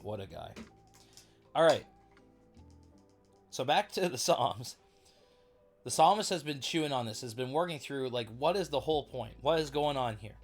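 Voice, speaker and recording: A man hosting a casual livestream Bible study, chatty and excitable, breaking off to react to viewers. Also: medium pitch, moderate pace, long pauses, soft background music.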